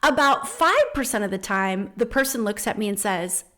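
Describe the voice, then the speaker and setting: A woman hosting a spiritual podcast in a casual, earnest way. Her voice sits at a middle pitch, and her storytelling turns animated and heartfelt. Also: moderate pace. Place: home in the Netherlands.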